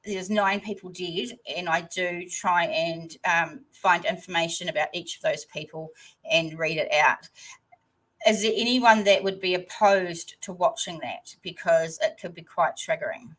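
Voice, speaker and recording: Woman, New Zealand accent, lowish voice, slow rambling livestream chat. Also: fairly bright tone, low-quality recording. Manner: hesitant, rambling, many pauses. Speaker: channel host.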